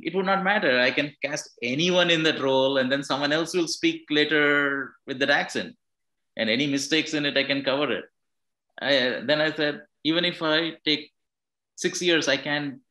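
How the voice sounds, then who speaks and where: A man's voice: mid-range voice, sharp tone, low-quality recording. A man, a film director giving a thoughtful interview answer and restarting his phrases as he explains. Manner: thoughtful, repeats words and restarts while explaining.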